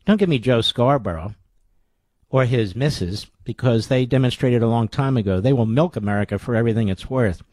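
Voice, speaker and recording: A man's voice: mid-range voice, fairly quick, a little mellow, no echo, studio quality. A man hosting a talk radio show, ranting sarcastically through rhetorical questions in an indignant monologue.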